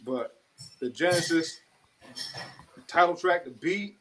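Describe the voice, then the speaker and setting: A man making beats who chats casually about his influences, talking haltingly and pausing on "uh". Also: on the high side, animated, fairly bright tone, poor audio. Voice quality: halting, fills with "uh" and restarts. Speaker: beatmaker. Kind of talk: casual hip-hop chat.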